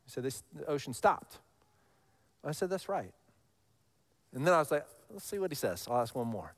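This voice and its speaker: A man in his thirties preaching a sermon, telling stories with animated highs and dropping to a hush for scripture lines. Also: a little fast. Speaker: pastor.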